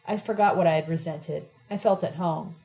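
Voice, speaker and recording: A woman reading a novel aloud in the first person, intimate and reflective. Her voice is mellow and soft in tone. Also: lowish voice, normal speed, poor audio. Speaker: audiobook narrator.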